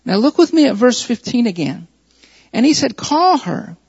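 High-voiced gravelly preacher in a hall. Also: male voice, very animated, normal speed, a little mellow. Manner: reads scripture, then preaches with repeated emphasis. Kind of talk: sermon with scripture reading. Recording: muffled hall recording.

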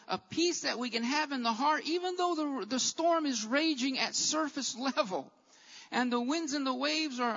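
A man preaching a sermon as a Bible teacher, with an emphatic, repetitive cadence that rises to shouts. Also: extremely high pitch, creaky, in a large hall, dull audio.

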